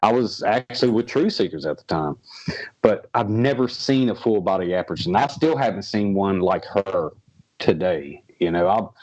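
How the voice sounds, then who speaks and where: Guest type: lower-voiced man, paranormal investigator, halting storyteller, dull lo-fi call sound. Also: animated, a little mellow. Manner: rambling, halting with many restarts. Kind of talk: casual interview storytelling.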